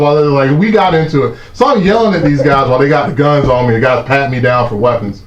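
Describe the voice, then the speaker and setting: A man, hosting a live stream and telling a story in a casual, animated way, swearing often and acting out the shouting cops. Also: medium pitch, fast, few pauses. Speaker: host of a live stream talk show. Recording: echoey muffled room sound.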